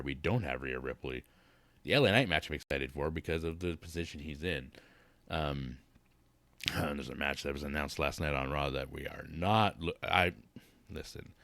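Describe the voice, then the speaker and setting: A man's voice: extremely low pitch, no room sound. A man giving a casual, blunt wrestling recap, talking in a rambling, profane rant. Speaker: wrestling vlogger.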